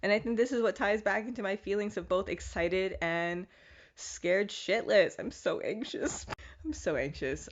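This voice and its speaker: A young woman hosting a podcast, talking casually and candidly in a self-mocking, animated way. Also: mid-range voice. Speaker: podcast host. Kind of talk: casual solo monologue. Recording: dull lo-fi recording.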